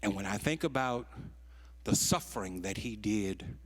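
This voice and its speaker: Older pastor telling a story in a sermon, voice swoops up and down a lot, goes quiet then gets loud. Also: male voice, animated. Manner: swings from low, hushed telling to loud, rising preaching; stretches key phrases slowly for emphasis.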